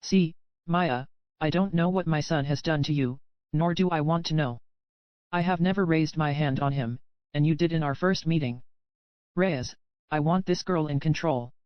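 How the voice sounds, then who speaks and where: A woman's voice: low-pitched, normal speed, no room sound, close to an everyday voice. A narrator doing a cold, haughty rich mother. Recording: dry, slightly dull lo-fi audio.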